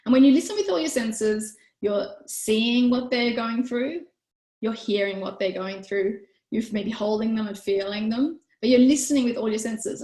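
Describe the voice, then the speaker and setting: A woman, teaching a parenting workshop in a chatty way and acting out quoted lines. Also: a little mellow. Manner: chatty, acts out quoted lines in higher voices. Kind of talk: online workshop talk. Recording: echoey room.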